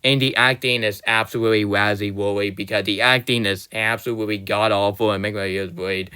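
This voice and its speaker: A man's voice: fairly low pitch, fairly even intonation, brisk, bright, forceful tone, clean tone. A young man delivering a rambling, exasperated movie rant in a casual, loose way. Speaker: movie reviewer.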